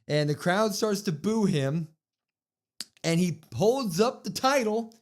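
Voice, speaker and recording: A man with a fairly high voice hosts a casual podcast. He tells a wrestling show back in a lively, fast play-by-play recap. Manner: lively play-by-play retelling, quick and chatty. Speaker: podcast co-host.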